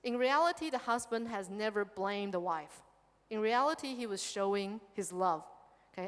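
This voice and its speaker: A Buddhist nun giving a dharma lecture on a sutra, lively and engaging, often checking in with her listeners by asking "okay?". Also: mid-range voice, moderate pace. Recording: long hall reverb.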